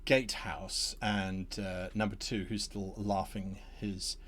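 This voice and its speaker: A man's voice: sits low, little pitch movement, slow pace, crowd noise. A man narrating as game master for a tabletop game, playful and chuckling as he tells the story.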